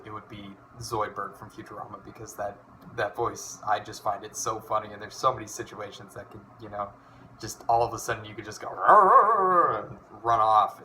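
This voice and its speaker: A man's voice: lowish voice, pushed and bright, a little hiss or hum. A man in his twenties chatting casually in a vlog, rambling and swearing with lots of fillers. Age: 20s. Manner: rambling, profane, many fillers. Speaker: hobby voice impressionist.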